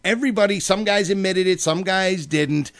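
A man's voice: sits high, normal speed, fairly bright tone, no echo. A man co-hosting a podcast, ranting heatedly and swearing often in casual chat. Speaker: podcast co-host.

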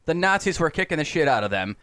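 A man in casual podcast banter, loud and brash, joking through boastful rants. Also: on the high side, very animated, fast talker, no room sound.

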